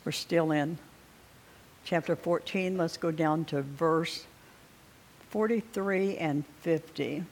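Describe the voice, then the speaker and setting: A man preaching a sermon, reading scripture aloud slowly and deliberately, with pauses to clear his throat. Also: a little high, a little hiss or hum.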